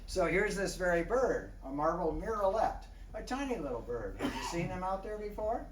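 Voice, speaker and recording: A man gives an animated nature lecture in an echoey room, heard from a distance. He talks conversationally, tosses questions at his listeners and clears his throat now and then. Faint background noise sits under his voice. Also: high-pitched, normal speed. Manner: conversational, quizzes the audience. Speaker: wildlife biologist giving a public talk. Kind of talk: lively illustrated lecture to an audience.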